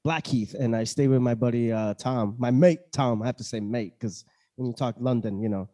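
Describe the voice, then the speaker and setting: A man's voice: mid-range voice, moderate pace, warm tone. A man hosting a podcast interview, chatty and joking, with plenty of "uh" and "like" fillers. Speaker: podcast host. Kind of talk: casual interview chat.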